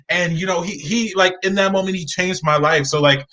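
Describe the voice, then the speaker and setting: A young man, a guest on a video call, telling animated stories and acting out the voices of people in them. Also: high voice, brisk, hardly any pauses, low-quality recording. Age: young adult. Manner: lively, acts out voices in his stories. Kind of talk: animated storytelling.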